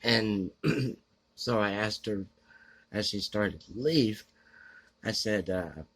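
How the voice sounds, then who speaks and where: A man giving blunt, grumbling book opinions in a halting way, with lots of fillers and frequent throat clearing. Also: on the low side, a bit bright. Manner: grumbling, opinionated about books. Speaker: book vlogger answering a question tag. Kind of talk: casual unscripted talk to camera.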